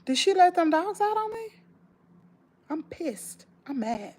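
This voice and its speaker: A woman's voice: high-pitched, normal speed, pushed and bright, breathy edge. A woman with a Southern US accent, telling an emotional story straight to her viewers in an emphatic, rambling way, full of restarts. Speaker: vlogger.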